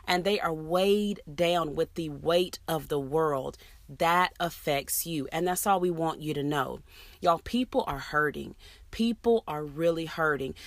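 A woman's voice: fairly low pitch, no echo. A woman, giving an earnest, emphatic motivational talk to fellow teachers. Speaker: educator addressing teachers.

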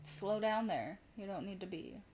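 A woman's voice: medium pitch, moderate pace, darkish tone. A woman from the American South co-hosting a casual comedic chat, trading playful, teasing banter. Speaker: co-host.

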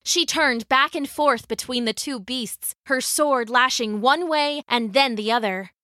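A woman narrates a scripted children's story in a measured, vivid way. Her voice sits a little high with a bright tone, and she takes her time over the words. The recording is close and dry. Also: dry recording.

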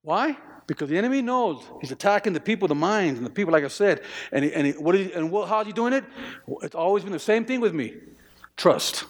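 A man's voice: sits high, animated, a little fast. A male pastor preaching a sermon, emphatic, repeating phrases and stammering through restarts. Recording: long hall reverb.

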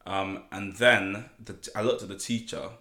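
A man from Nigeria chatting as a podcast guest, telling animated stories and acting out the voices of people in them. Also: fairly low pitch, normal speed, reverberant. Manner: animated storyteller, acts out quotes, laughs often. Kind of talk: casual podcast chat.

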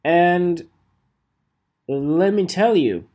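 A man's voice: high-pitched, lively intonation, very slow, darkish tone. Guy rambling to camera, lots of ups and downs in his voice, self-mocking. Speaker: photographer vlogger. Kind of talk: casual monologue to camera.

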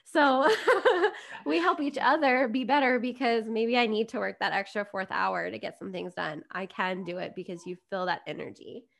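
A woman's voice: mid-range voice, a little fast, vocal fry, few pauses. Podcast guest: woman, chatty, upbeat storyteller, business coach. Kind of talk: casual podcast conversation.

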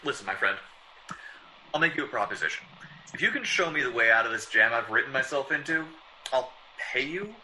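A man's voice: medium pitch, expressive, brisk, pushed and bright, a little hiss or hum, rough recording. An actor playing a flustered, stammering male mystery writer in an old-time radio drama.

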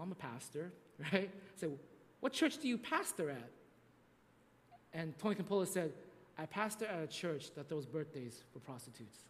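A male preacher with a fairly high voice recounts a story to his congregation in a loose, chatty manner, restarting phrases and tagging lines with quick questions. The sound carries a long reverb from a large hall. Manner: conversational, repeats "right?", restarts often. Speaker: pastor. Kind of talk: sermon storytelling.

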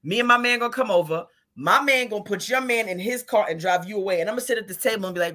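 A woman from Brooklyn telling stories on a podcast in a blunt, emphatic, animated way. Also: medium pitch, racing, hardly any pauses. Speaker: guest co-host. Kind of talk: casual podcast chat.

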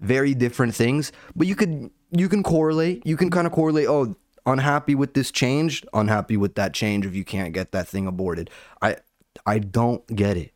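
A man's voice: medium pitch, moderate pace, no room sound, studio quality. A young man ranting casually and sarcastically, swearing a lot and calling everyone "dude.". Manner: sarcastic, profane, says "dude" constantly. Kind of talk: casual comedic rant.

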